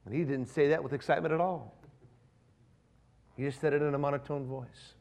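A man preaching a sermon, swinging between raised, emphatic preaching and hushed, near-whispered lines, with slow, stressed lists. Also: fairly high pitch, fairly even intonation, gravelly. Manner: slow, emphatic delivery of lists and repeated phrases. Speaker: pastor.

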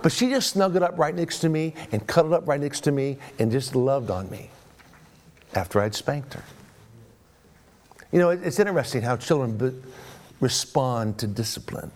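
A man's voice: medium pitch, lively intonation, normal speed, pauses often, a little mellow. A middle-aged man preaching a sermon as a pastor, repeating phrases for emphasis and often asking the congregation "right?".

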